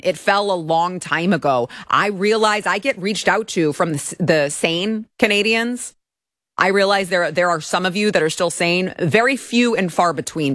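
A woman's voice: fairly low pitch, a bit bright, no echo, clean studio sound. A woman hosting an opinion talk show, giving commentary in a sarcastic, mocking way. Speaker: show host.

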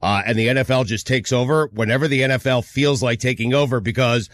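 A man's voice: mid-range voice, fast. A man with a New York accent hosting a sports talk show, bantering loosely and laughing often. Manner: loose, laughing banter, directs co-hosts by name. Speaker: sports radio host.

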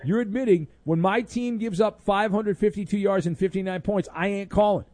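A man's voice: high voice, a little fast, darkish tone, no room sound. A man hosting a sports talk radio show, sarcastic and mock-exasperated with callers.

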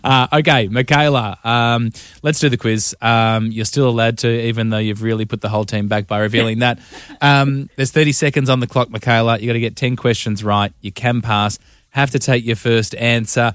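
A man's voice: mid-range voice, steady tone, normal speed, a bit bright, smooth, no room sound, clean studio sound. A man co-hosting a radio show and running a phone quiz, teasing his partner. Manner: teasing, laughs often.

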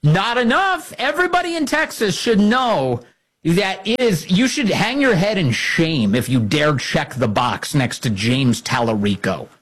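Indignant, husky-voiced male political commentator. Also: a little high, very animated, a little slow, a bit bright. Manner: sarcastic, indignant, mocks quotes with put-on voices.

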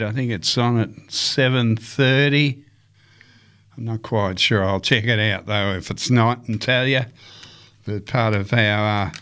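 A man hosting a community radio drive show, chatting loosely between songs with many pauses and fillers. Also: mid-range voice, fairly bright tone, smooth. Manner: unhurried, many fillers and hesitations.

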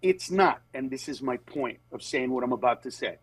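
Man, comedian guest, husky, lively swooping pitch, dry close sound. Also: normal speed, dry recording, rough recording. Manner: animated, jumps into acted voices of others; turns earnest and steady when serious. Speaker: comedian guest on a talk show. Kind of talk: casual conversational storytelling.

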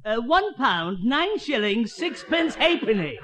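An actor playing a gruff, blunt cab driver who won't budge, in a 1940s radio comedy. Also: male voice, very high-pitched, big pitch swings, unhurried, sharp tone, heavily acted. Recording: old radio with studio audience. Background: studio audience laughter.

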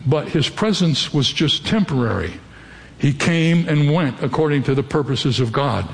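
A man's voice: a little high, expressive, moderate pace, gravelly. Earnest older male pastor preaching, reverberant hall. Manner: earnest, direct questions to the listeners. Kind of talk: sermon.

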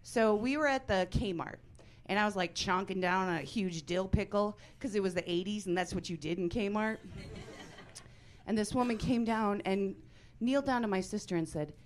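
A woman in her forties performing a stand-up comedy set, brash, with deadpan punchlines and acted-out voices. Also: medium pitch, normal speed. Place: stage before a live audience.

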